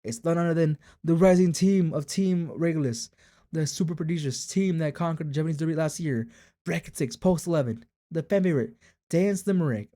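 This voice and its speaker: A man voicing an excitable race announcer, calling the field in a loud broadcast style. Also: a little high, fairly quick, voice pushed up, close to an everyday voice. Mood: hyped.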